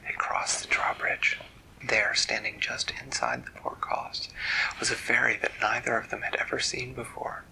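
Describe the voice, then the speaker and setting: A man telling an improvised bedtime story in a soft, hushed voice, stopping to explain words. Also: on the low side, big pitch swings, normal speed, gravelly, in a whisper, rough recording.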